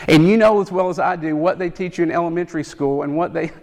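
A man preaching a sermon, animated, building to loud emphatic peaks. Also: a little high, quick pace, few pauses. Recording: long hall reverb.

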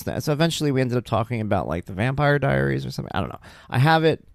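He races through his words in a mid-range voice with vocal fry and few pauses, recorded dry with clean studio sound. A tired man on his own solo podcast, he chats casually and brings family conversations to life by acting out the dialogue.

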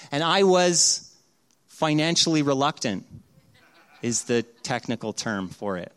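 A middle-aged male pastor preaching a sermon, telling stories animatedly and acting out the voices, dropping from loud to hushed. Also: fairly high pitch, expressive, normal speed, clear, resonant tone.

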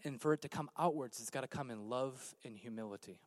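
A man preaching a sermon as pastor on a church stage, swinging from hushed, low passages to loud emphatic calls out to the congregation. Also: fast talker, dry recording.

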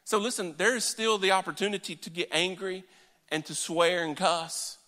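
A man preaching a sermon in an earnest, emphatic way, swinging between loud declarations and hushed asides. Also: high-pitched, fairly even intonation, moderate pace. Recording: long hall reverb.

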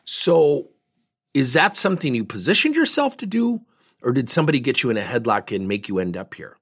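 A man's voice: medium pitch, very animated, brisk, slightly rough. A man giving a talk, telling a story and acting out both sides of a conversation. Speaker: speaker on leadership and feedback.

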